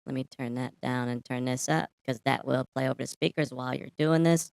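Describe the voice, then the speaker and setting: A man's voice: mid-range voice, steady tone, a little fast, gravelly, smooth, pitched above the performer's own voice. A man talking through a mixer's female voice-changer effect, explaining its features in plain demo talk. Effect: voice changer set to female.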